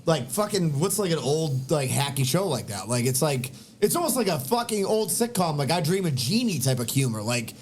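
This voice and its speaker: A man hosting a podcast, talking in a rambling, profane, animated way in casual chat. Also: on the high side, moderate pace, few pauses, faint music behind. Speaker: podcast host.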